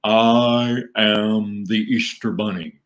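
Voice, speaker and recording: A ventriloquist man voicing a male rabbit puppet who speaks slowly and deadpan. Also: fairly low pitch. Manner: slow deadpan delivery.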